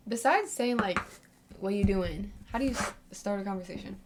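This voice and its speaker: A young adult woman co-hosting a casual podcast with friends, chatty and giggly with quick asides. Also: medium pitch, heavy background noise. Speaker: podcast co-host. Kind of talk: casual chat among friends.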